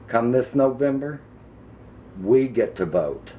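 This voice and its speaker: A middle-aged man with an Ozarks accent, delivering a heated, emphatic rant to camera and slowing down to hammer his points. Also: medium pitch, sing-song, warm tone, muffled recording, slight background noise. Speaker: vlogger. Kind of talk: angry political rant to camera.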